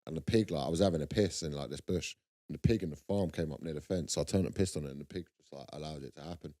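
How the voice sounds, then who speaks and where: A man's voice: very deep voice, very fast, mellow. Laughing man telling rowdy stories. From South London. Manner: rambling, laughing at his own stories. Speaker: co-host. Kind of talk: casual comedic chat.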